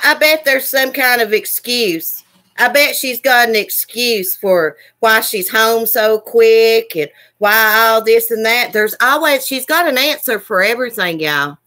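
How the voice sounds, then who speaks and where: In a fairly high voice that sounds pushed and bright, a woman livestreamer vents furiously, cursing and repeating herself throughout her heated rant.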